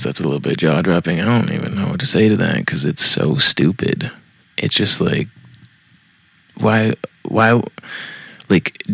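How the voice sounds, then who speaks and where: A man's voice: lowish voice, creaky, fairly bright tone, breathy edge, dry recording. A man hosting a podcast, reading online posts aloud and reacting bluntly with heavy profanity. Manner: blunt, profane, laughs at his own jokes. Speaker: podcast host.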